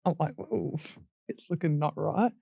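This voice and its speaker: Australian woman, young adult, blunt and sweary, laughs through the dark parts, dry close sound, podcast guest. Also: low-pitched, measured pace, vocal fry, dry recording. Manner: blunt and sweary, laughs through painful memories, lively acted-out quotes. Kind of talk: candid personal storytelling.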